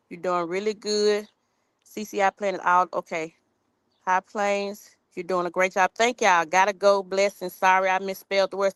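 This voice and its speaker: Medium in pitch, fairly bright and smooth, her voice comes through with no echo. She's hosting a backyard gardening live stream via a tripod-mounted phone, chatting casually in "y'all" dialect and reading viewer comments out loud.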